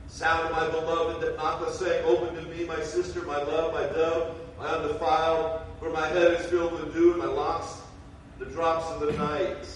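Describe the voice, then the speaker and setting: A preacher delivers an impassioned sermon, rising to shouts and dropping to low murmurs. His fairly high voice rings through a very echoey sanctuary. The mic sits some distance away, with faint noise underneath. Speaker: pastor. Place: church sanctuary. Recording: roomy hall sound from a distant mic.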